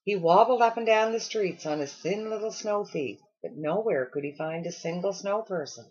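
A woman reading a children's storybook aloud with expressive storytelling. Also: mid-range voice, normal speed, slightly rough, lo-fi sound. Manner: expressive storytelling with acted character lines. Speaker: storybook reader.

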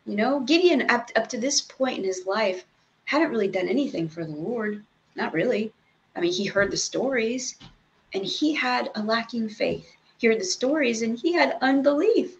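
A woman's voice: medium pitch, lo-fi sound. A woman leading a casual Bible study, reading scripture aloud and then explaining it in chatty asides.

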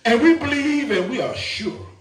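A man's voice: extremely high pitch, big pitch swings, moderate pace. A man preaching a sermon, who repeats his words and keeps asking the congregation to agree. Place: church. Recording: echoey church from far off.

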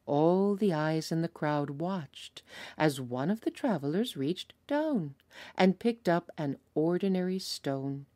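A young woman preschool teacher reading a picture book aloud in an animated storytelling voice. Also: low voice, slow pace.

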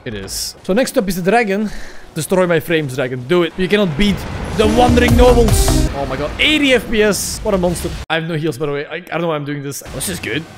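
Excitable young man. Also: high-pitched, fast, over music. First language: Dutch. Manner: excitable, crude jokes, sudden yelps and laughs. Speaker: streamer. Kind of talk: casual let's-play commentary.

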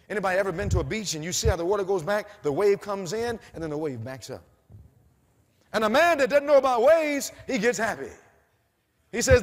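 A man preaching a sermon to a congregation, asking repeated questions for them to answer and climbing to shouted peaks. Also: on the high side, animated, fast talker, big-room sound. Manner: call-and-response questions, rising to shouts.

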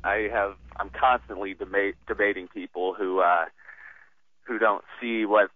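A man calling in to a radio talk show, speaking haltingly with frequent restarts and short laughs. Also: fairly low pitch, fairly even intonation, dry recording. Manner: halting, restarts often, laughs while talking. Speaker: caller. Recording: tinny dry phone line.

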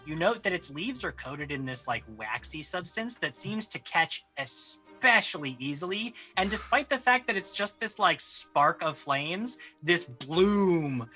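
A man's voice: on the high side, animated, a little slow, few pauses, bright, forceful tone, husky, soft background music. A man running a tabletop role-playing game as game master, describing the scene vividly and laughing easily with his players.

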